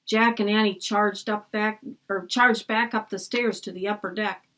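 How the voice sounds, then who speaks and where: With a pushed, bright sound, a steady tone and a moderate pace, a woman reads a children's chapter book aloud. The children's lines come out higher, while the narration drops low.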